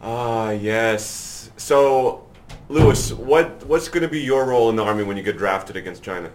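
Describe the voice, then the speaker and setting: A man's voice: on the low side, moderate pace, darkish tone. A young man hosting a casual podcast chat, joking and crude. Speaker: podcast host.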